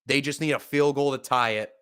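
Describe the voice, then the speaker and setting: A man calls a football game for his own live stream, a fan more than a broadcaster. His voice is smooth and resonant at an ordinary middle pitch. He swears casually and climbs into excited shouting at big plays. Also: brisk. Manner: excitable, profane, shouting when upset. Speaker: sports podcast host. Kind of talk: live play-by-play fan commentary.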